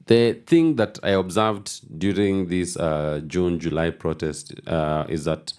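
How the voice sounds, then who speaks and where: Very deep-voiced man explaining on radio. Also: a little mellow, clean tone. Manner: measured, explanatory, repeats words as he builds a point. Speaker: radio guest. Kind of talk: radio talk show discussion.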